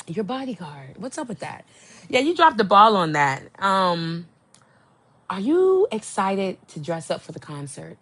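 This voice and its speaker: A young woman hosting a casual chat show, gossiping with lively swoops of pitch and sudden high exclamations. She takes her time, drawing out her words at an unhurried pace. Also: breathy edge. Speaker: podcast host.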